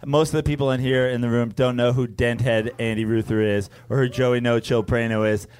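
A man's voice: mid-range voice, little pitch movement, brisk, a little mellow, clean tone. A man hosting a live podcast with brash, profane, teasing banter. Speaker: podcast host.

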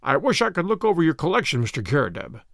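A man reading an audiobook, voicing a calm, shrewd male detective who speaks in a measured, courteous way. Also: on the high side, vocal fry, no room sound, studio quality, heavily acted.

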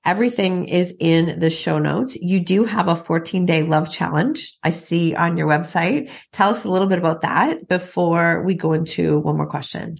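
A woman's voice: fairly low pitch, moderate pace, creaky, hardly any pauses. A woman hosting a podcast interview, enthusiastic and affirming toward her guest. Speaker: podcast host. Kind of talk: casual interview.

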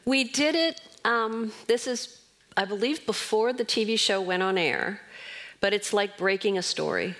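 A woman's voice: mid-range voice, moderate pace, fairly bright tone. An older woman, a novelist being interviewed, speaking dryly and matter-of-factly with little laughs at her own remarks. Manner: dry, matter-of-fact, frequent self-amused laughs. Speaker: novelist guest. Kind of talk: conversational interview.

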